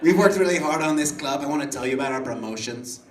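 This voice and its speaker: A man's voice: a little high, lively intonation, fast, far from the mic. A male comedian doing a flamboyant, campy nightclub-owner bit in a comic debate at a pub. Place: pub stage with a live audience. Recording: roomy live recording from off-mic, audience noise.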